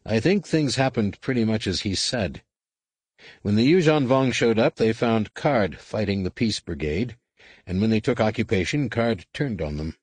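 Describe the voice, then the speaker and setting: Weary Jedi master, read by a man, quiet, measured, low voice, dry close sound. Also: animated, slightly rough, dry recording. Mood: grave.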